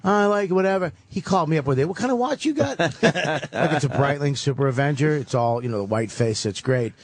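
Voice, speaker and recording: A comedian in a radio studio, telling animated, profane stories in casual talk. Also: male voice, medium pitch, a little fast, no room sound.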